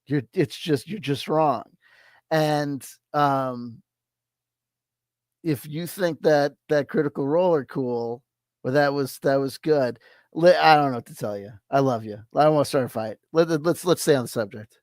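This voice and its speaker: A man's voice: a little high, normal speed, a little mellow, dry recording. A man giving blunt, rambling commentary on a video he reacts to, with many restarts. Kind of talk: casual opinionated commentary.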